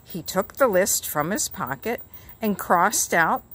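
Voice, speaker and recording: A woman reading a children's book aloud in a slow, expressive storytelling manner. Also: medium pitch, husky.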